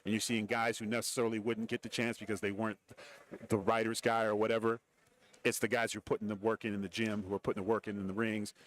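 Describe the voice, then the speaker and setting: A man's voice: fairly low pitch, fast talker. A middle-aged man, a guest on a radio show, telling stories in a casual interview and acting out the voices of people he quotes. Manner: animated storyteller, acts out quoted voices. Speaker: guest, former wrestler and TV commentator. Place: radio row broadcast booth.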